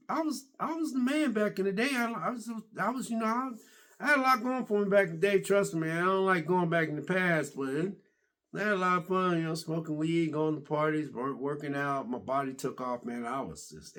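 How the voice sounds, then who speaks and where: A man vlogging a series review in a casual, rambling way, restarting sentences and getting excited as he retells scenes. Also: fairly high pitch. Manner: excitable, laughs and exclaims. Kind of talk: casual rambling reaction chat.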